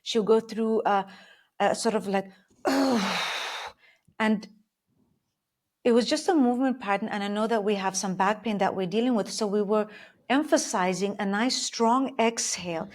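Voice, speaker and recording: A woman's voice: mid-range voice, moderate pace. A woman working as a Pilates instructor, explaining her coaching approach in a thoughtful, step-by-step conversational way.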